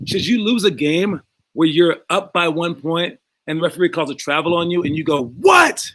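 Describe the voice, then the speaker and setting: A basketball coach talks to his young players in a calm, easygoing way, slipping into the voices of people he quotes. His voice sits a little high for a man. The sound is dry and close, with no room echo. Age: adult past college.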